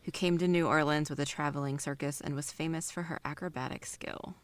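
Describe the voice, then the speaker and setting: Woman, casual podcast chat, self-deprecating, easygoing, smooth lowish voice. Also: fairly even intonation, brisk, dry recording. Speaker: podcast co-host.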